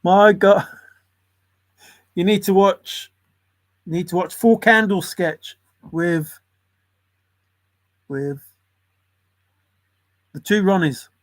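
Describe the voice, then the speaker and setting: A man's voice: sits high, drawn-out words, long pauses. A man in a casual, rambling monologue, musing in a conspiratorial tone and often chuckling. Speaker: channel host.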